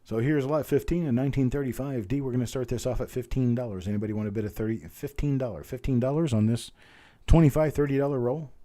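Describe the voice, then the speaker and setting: A man running a live coin auction stream, rattling off bid calls and greeting viewers by name. His voice is very dark and mellow, sitting at an ordinary middle pitch, and sounds a little worn from hours of talking. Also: fast, hardly any pauses. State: voice strained from talking.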